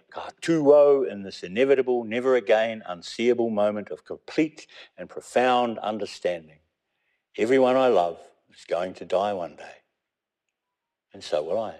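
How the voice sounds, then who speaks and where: New Zealand man in his fifties, dark mellow tone, unhurried reflective memoir reader. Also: fairly low pitch. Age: 50s. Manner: measured and reflective, weaving in Māori phrases. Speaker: memoir narrator.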